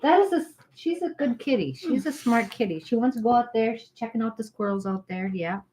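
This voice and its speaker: A woman co-hosting a casual conversation, chatting freely and then slowing into a calm, measured reading of a spiritual text. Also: a little high, a little hiss or hum. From Irish heritage, not accent. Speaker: co-host reading spiritual texts. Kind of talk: casual chat and reading aloud.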